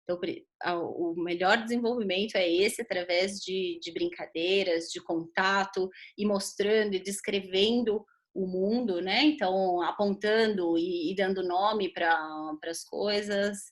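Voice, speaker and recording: A woman with a Brazilian accent gives a relaxed, chatty lecture. Her pitch sits in an average range, and she talks loosely, with plenty of fillers and restarts. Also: normal speed, hardly any pauses. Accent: Brazilian Portuguese. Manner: loose and conversational, with frequent fillers. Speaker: pediatrician giving a lecture. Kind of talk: informal recorded lecture.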